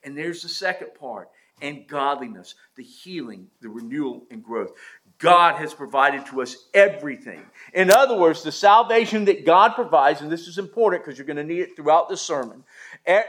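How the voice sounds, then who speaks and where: Pastor, male, high-pitched voice, emphatic sermon delivery with repetition and homely asides. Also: expressive, normal speed, a bit bright. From American South.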